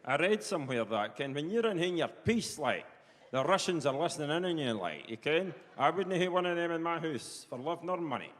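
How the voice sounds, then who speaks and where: A man's voice: on the high side, animated, brisk, voice pushed up, lightly acted. A Scottish man playing a blunt old farm handyman from rural Perthshire with a broad Perthshire accent, talking in thick dialect. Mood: suspicious. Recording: live stage with long hall reverb.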